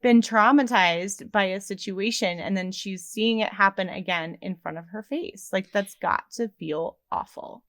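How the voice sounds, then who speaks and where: A woman co-hosting a casual gossip podcast, animated and laughing as she recaps reality TV. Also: mid-range voice, measured pace, hardly any pauses, no room sound, clean studio sound. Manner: animated, laughs often, mimics quotes. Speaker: podcast co-host.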